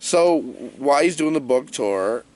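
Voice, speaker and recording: A man giving a comedic, rambling movie review rant in an animated, jokey way. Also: on the high side, measured pace.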